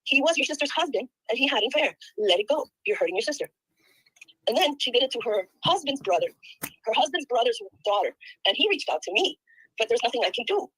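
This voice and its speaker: An older woman with grandchildren, venting rapidly and aggrieved in a casual call. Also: on the high side, big pitch swings, a bit bright, slightly rough, dry recording, rough recording. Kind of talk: casual chat.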